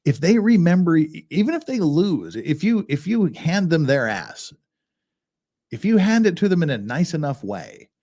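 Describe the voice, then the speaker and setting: Lively, animated male legal commentator. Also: a little high, normal speed. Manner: animated and rambling, with frequent restarts and chuckles. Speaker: host of a legal commentary channel. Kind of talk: casual commentary monologue.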